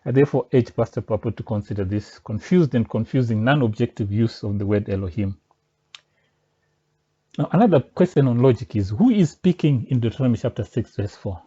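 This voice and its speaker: Speaking briskly with lively intonation in a warm, mid-range voice with a breathy edge, a man argues against a pastor's teaching point by point. He is a religious commentator, insistent and argumentative, captured in a dull lo-fi recording.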